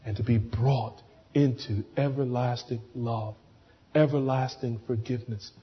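A man preaching a sermon with fervent, swelling delivery that drops to hushed pleading and prayer. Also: medium pitch. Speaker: pastor. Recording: dull sound with long hall reverb.

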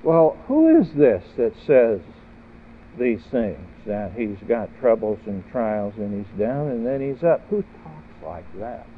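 A man's voice: medium pitch, sing-song, takes it slowly. Man preaching a sermon over a tinny line. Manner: earnest, rising to emphatic peaks with repeated questions. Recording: tinny phone-like audio with faint noise.

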